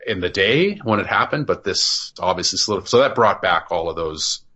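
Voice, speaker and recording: This man, co-hosting a podcast, has a low voice with lively intonation and a bright, forceful tone at normal speed. He chats casually in a review format, rambling through plot explanations with frequent restarts.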